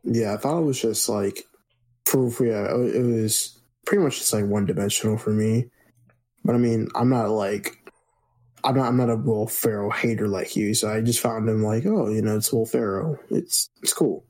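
A man's voice: lowish voice, moderate pace. A man co-hosting a podcast, chatting casually and somewhat hesitantly with frequent restarts. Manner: relaxed, hesitant with many restarts. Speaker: podcast co-host. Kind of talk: casual chat.

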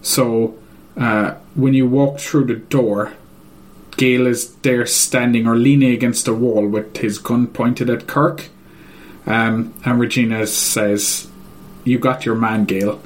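A man's voice: medium pitch, steady tone, slow pace. A man in casual chat, retelling a video game's story in a hesitant, rambling way full of ums and uhs.

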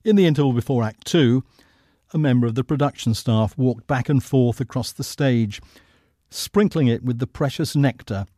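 Man reading old-fashioned prose, mellow dark tone, dry sound. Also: medium pitch, no room sound. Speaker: reader. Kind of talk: reading literary prose aloud.

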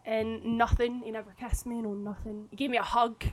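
A woman's voice: fairly high pitch, little pitch movement, fairly quick, low-quality recording. A woman in her thirties with a slight lisp, co-hosting a podcast and telling a rambling date story. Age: 30s. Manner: chatty storyteller, many restarts and laughs. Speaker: podcast co-host. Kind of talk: casual chat.

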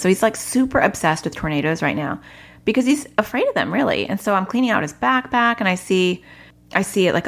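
A woman in her thirties casually telling a parenting story to her audience, acting out her children's lines and laughing often. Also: lowish voice. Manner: animated, acts out her kids' voices, laughs often. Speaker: parenting vlogger.

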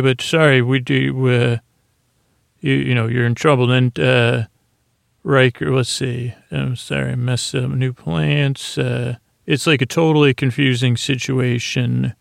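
A man hosts a sleepy podcast with a gravelly voice. He rambles softly through a story recap and doubles back on himself often. His pitch barely moves, and the sound is close and dry. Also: flat delivery, a little slow, no echo. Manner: meandering, full of fillers and restarts; soft, low-key delivery. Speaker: podcast host. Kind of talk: rambling bedtime episode recap.

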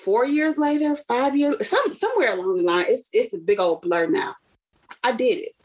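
A woman's voice: on the high side, normal speed, slightly rough. A young woman from Chicago casually telling a personal story, acting out the voices of the people she quotes. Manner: animated storyteller who acts out quoted speech. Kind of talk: casual chat.

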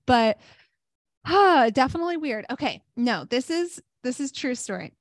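Animated woman telling a funny story. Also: high-pitched, normal speed, no room sound, clean studio sound. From South Florida. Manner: animated storyteller who laughs often and says "like" a lot. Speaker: podcast co-host, yoga teacher. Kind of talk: casual chat, storytelling.

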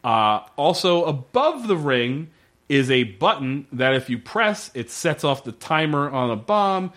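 A man's voice: on the high side, sing-song, measured pace, fairly bright tone. Profane, wry male podcast host. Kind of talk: casual recap chat.

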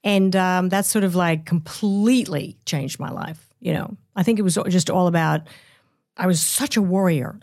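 A woman's voice: lowish voice, normal speed, darkish tone. Candid older woman telling her story. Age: 70s. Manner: candid, rambling storytelling with laughs. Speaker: guest. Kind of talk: casual interview.

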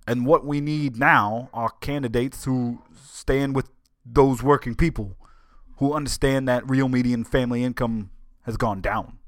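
A man doing an impression of a gruff older male politician, ranting in loud, fast, hammering speech. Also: medium pitch, dry recording, clean studio sound, close to an everyday voice.

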